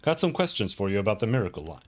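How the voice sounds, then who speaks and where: A man's voice: on the low side, rapid-fire, crowd noise. A man livestreaming a story game, reading the dialogue aloud and riffing loosely. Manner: animated, reads dialogue aloud and riffs loosely. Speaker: streamer playing a story game.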